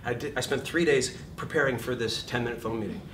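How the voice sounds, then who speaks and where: A man in his fifties, an acting teacher, giving a lively seminar talk to a class, self-deprecating and swearing freely. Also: quick pace. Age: 50s. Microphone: distant room mic. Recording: echoey room, far mic, rumbling noise.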